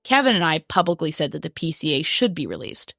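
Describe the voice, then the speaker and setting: A young adult woman narrates a true-crime podcast from a script, keeping her delivery measured and even. Her voice sits a little low. The sound is dry and close, with no room in it. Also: gravelly, no echo. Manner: measured, reads quotes aloud flatly. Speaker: podcast co-host.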